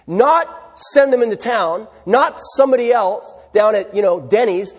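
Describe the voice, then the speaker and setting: Male pastor, high and a little breathy, chatty sermon delivery with rhetorical questions. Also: moderate pace, hardly any pauses, big-room sound. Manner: conversational preaching, rhetorical questions to the congregation.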